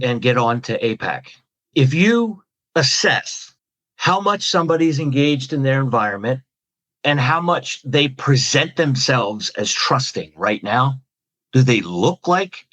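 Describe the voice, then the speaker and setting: A man's voice: a little high, animated, unhurried, a bit bright. A man, a communication trainer and podcast guest, talking through a model step by step with questions and lists. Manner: methodical, lays out points as questions and lists. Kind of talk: explanatory podcast conversation.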